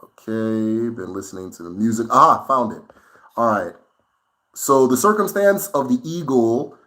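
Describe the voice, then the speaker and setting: A man hosting a casual livestream Q&A, speaking conversationally and often checking in with "right?". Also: medium pitch. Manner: relaxed and unhurried, with fillers and restarts while thinking. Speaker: host answering viewer questions.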